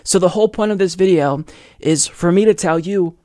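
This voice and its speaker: A man delivers a political opinion monologue in a fairly high voice. He leans hard on his points and speaks directly to his audience. His voice sounds close and dry, with no room around it. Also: normal speed, mellow, dry recording. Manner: emphatic and persuasive, addresses viewers directly. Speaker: political commentary host.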